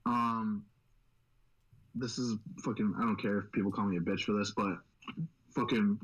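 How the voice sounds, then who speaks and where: A young man co-hosting a podcast in casual chat, swearing constantly and rambling excitedly. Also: on the low side, normal speed, low-quality recording. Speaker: podcast host.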